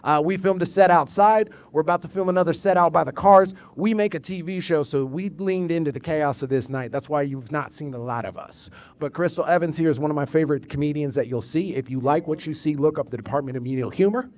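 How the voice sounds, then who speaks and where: A man hosting a live comedy show in a bar, talking to the crowd with energetic, profane, rambling banter. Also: a little high, quick pace, few pauses. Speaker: host and producer of the show.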